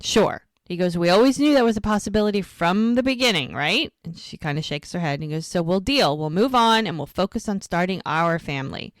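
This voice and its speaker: Animated woman retelling a show. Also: on the low side, a little fast, hardly any pauses, dry recording. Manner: animated retelling, acts out dialogue. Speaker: podcast co-host recapping episodes. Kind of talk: casual recap chat.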